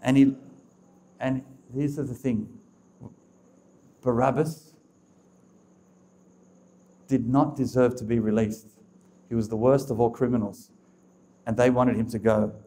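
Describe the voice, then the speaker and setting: A man preaches to a live audience. He repeats his points with emphasis and speaks straight to his listeners. His voice is warm and mellow, and his pitch sits in a typical middle range. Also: steady tone, measured pace, long pauses. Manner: emphatic, repetitive, addresses the audience directly. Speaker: speaker of a religious talk.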